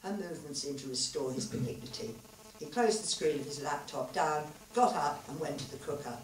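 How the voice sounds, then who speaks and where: A woman author reading her own story aloud at a literature festival, in measured, expressive storytelling. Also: low-pitched, slight background noise. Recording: roomy live hall, far mic.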